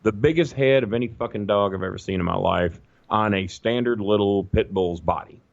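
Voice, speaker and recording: A man telling a long, profane, animated story in a casual podcast chat. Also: lowish voice, brisk, gravelly, no room sound, muffled recording. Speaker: guest storyteller.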